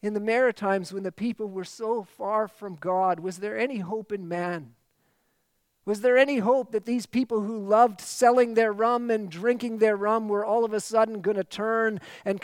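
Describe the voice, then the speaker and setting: High, clear-voiced preacher man. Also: steady tone, normal speed, dry recording. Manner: emphatic preaching with repeated phrases. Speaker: pastor. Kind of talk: sermon.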